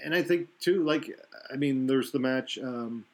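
Casual talk-show man, middling pitch, loose and rambling, lots of restarts. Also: measured pace, a little mellow. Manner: rambling, self-correcting analysis. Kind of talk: casual wrestling chat.

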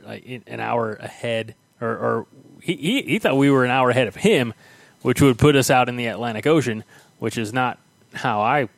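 A man hosting a podcast from home, chatting casually and rambling with many pauses and fillers. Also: medium pitch, creaky, no echo. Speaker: podcast host. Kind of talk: casual chat.

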